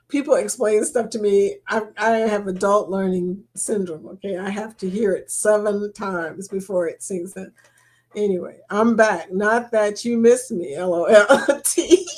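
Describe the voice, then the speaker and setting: A middle-aged woman, hosting a casual livestream chat, reading viewer comments aloud and laughing often. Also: medium pitch.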